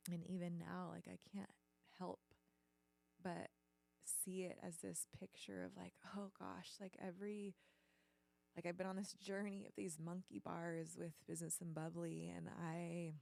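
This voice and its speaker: A woman hosting a business channel, telling a personal story in an earnest, halting way with lots of fillers. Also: fairly low pitch, level tone, creaky, darkish tone.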